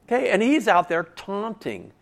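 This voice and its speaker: A man's voice: high-pitched, very animated, moderate pace, gravelly. Folksy, conversational male preacher. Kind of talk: sermon.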